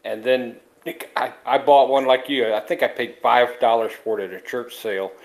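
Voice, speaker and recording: A man's voice: mid-range voice, fairly even intonation, moderate pace, rough recording. A man chatting casually in a group, telling anecdotes.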